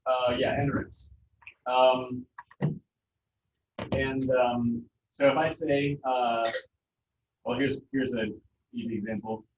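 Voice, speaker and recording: A man's voice: mid-range voice, flat delivery, slow, long pauses, noisy background. A man teaching a Spanish pronunciation lesson to a class, explaining casually with many fillers. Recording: echoey, distant, dull classroom recording.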